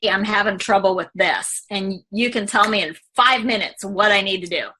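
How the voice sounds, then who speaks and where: Bright-voiced candid woman realtor. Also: mid-range voice. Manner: candid, heartfelt, many fillers. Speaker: real estate agent client. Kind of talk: client testimonial interview.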